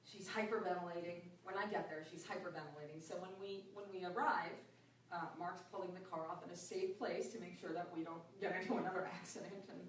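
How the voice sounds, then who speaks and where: Middle-aged woman, lively group storyteller, laughs often, recorded far off in a very echoey room. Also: lowish voice, fast, a little hiss or hum. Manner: animated, laughs often, acts out voices in her story. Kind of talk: personal storytelling in a group talk.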